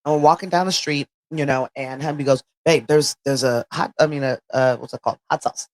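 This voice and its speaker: A woman's voice: very deep voice, a little fast. A woman from California, a podcast co-host, telling a story in casual chat and acting out what people said. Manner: lively storyteller, acts out quotes. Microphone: home podcast mic on a stand.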